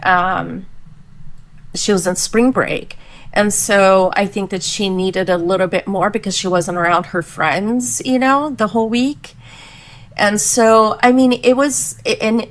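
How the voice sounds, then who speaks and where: A woman's voice: medium pitch, a bit bright. A woman in her forties hosting a casual panel chat, telling a candid story. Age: 40s. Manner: candid storytelling, acts out quoted voices. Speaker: podcast panel host.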